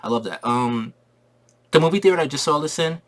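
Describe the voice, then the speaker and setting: Excitable man ranting about a movie. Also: fairly high pitch, a little fast. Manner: excitable, slangy, repeats himself for emphasis. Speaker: movie reviewer. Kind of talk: casual spoiler review rant.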